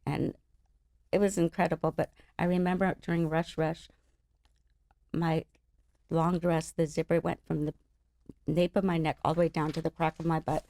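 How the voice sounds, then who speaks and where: Gravelly-voiced woman telling animated stories. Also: low-pitched, normal speed, pauses often, no echo. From Los Angeles area. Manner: animated, laughing, acts out other people's voices. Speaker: interview guest. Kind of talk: casual storytelling chat.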